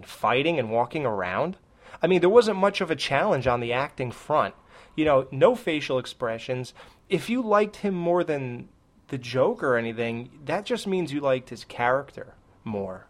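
A man co-hosting a movie podcast, talking casually and with animation, heavy on "like". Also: medium pitch. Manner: animated, opinionated, many "like"s. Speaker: podcast co-host. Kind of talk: casual movie review chat.

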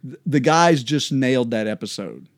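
A man's voice: medium pitch, expressive, normal speed, no room sound, clean studio sound. A middle-aged man co-hosting a podcast, chatting casually about Bible study in a rambling way that keeps restarting its sentences. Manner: rambling, self-interrupting, laughs easily. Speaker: podcast co-host.

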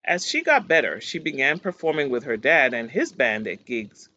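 A man reading magazine news stories aloud in a steady read-aloud delivery. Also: on the high side, lo-fi sound. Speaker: news reader.

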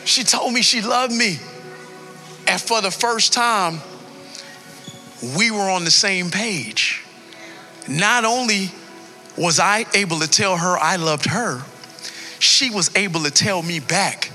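A man's voice: high-pitched, animated, slow pace, long pauses, bright, forceful tone, faint music behind. A man in his thirties, a pastor telling a personal story in a sermon, emotional and building to a preaching cadence.

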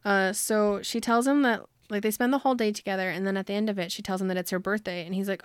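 A woman co-hosting a casual book discussion, retelling the plot with lots of laughter and quick quoted voices for the characters. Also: mid-range voice, clean tone, no room sound, studio quality. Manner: animated storytelling, quotes characters in put-on voices, laughs often. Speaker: podcast co-host.

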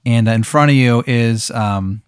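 A man's voice: medium pitch, moderate pace, smooth, no echo, studio quality. A young adult man narrating a comedic tabletop game as game master. He rambles, with frequent fillers and restarts.

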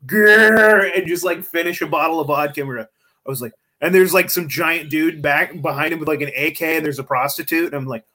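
A man in casual podcast chat, telling stories in a profane, excitable way from home. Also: fairly high pitch, quick pace.

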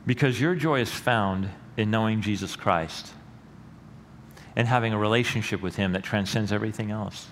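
A middle-aged male pastor preaching a sermon in a church, earnest and rising to loud emphatic peaks. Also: lowish voice, normal speed. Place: church sanctuary. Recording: long hall reverb with faint room noise.

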